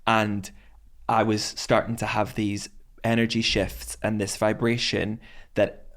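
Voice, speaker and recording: Candid, lively Irish man. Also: fairly low pitch, unhurried. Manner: lively, candid, swears freely, acts out voices in stories. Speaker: radio presenter, podcast guest. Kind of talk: casual storytelling in a podcast interview. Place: podcast studio.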